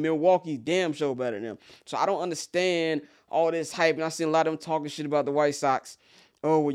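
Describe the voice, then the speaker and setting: A man from Chicago giving a casual, blunt and profane sports rant as a commentator, opinionated throughout. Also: fairly high pitch.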